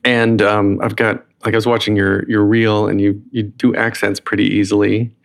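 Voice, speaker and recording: A man's voice: fairly low pitch, flat delivery, moderate pace, creaky. A man hosting a podcast interview, chatty and rambling, often restarting his sentences. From North Carolina. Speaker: podcast host. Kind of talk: casual interview chat.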